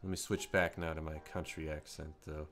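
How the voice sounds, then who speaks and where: A man voicing a gruff country fisherman with a put-on American country accent, drawling folksy talk on a live stream. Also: a bass voice, level tone, brisk, a bit bright, faint music behind. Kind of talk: live stream role-play.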